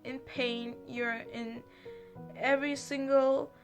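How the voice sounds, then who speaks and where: A young woman tells an emotional personal story in a high, halting voice, stopping and restarting as she gets upset. She sounds close to tears throughout. Soft music plays faintly in the background. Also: flat delivery. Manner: halting, many fillers and restarts, anxious. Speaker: vlogger.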